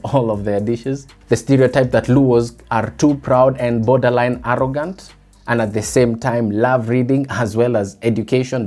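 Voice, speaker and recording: A man's voice: mid-range voice, mellow. A young Kenyan man with a Kenyan accent, hosting a solo podcast and musing aloud with rhetorical questions to his listeners. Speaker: podcast host.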